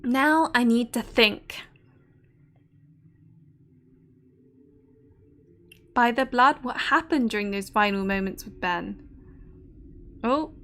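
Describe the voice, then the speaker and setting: A woman's voice: on the high side, unhurried, sharp tone. A woman voicing a wry, anxious young noblewoman, reading game dialogue aloud in a formal storybook manner.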